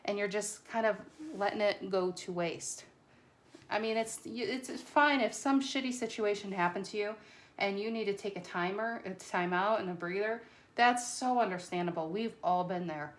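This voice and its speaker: A woman doing a casual tarot reading to camera, chatty and excitable, a little nervous and stumbling over her words. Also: medium pitch, moderate pace. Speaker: tarot reader.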